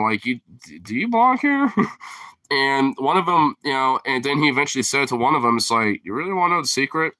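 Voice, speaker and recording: A man with a very bright, sharp-edged voice chatting casually, rambling and swearing, padding his talk with fillers and breaking into laughs. The sound is close and completely dry, with no room echo at all. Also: on the low side. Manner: rambling, profane, heavy on fillers; laughs often while talking. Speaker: streamer host. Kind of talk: casual chat.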